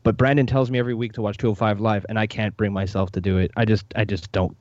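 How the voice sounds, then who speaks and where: A blunt, opinionated man co-hosting a podcast, speaking quickly in a lowish voice. The mic sounds dry and slightly muffled. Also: level tone, darkish tone, no echo. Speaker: podcast co-host. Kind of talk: casual chat.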